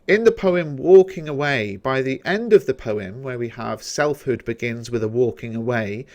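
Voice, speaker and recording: Man, British accent, teacher, revision lesson, steady explanatory delivery, mid pitch. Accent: British English. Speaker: English teacher.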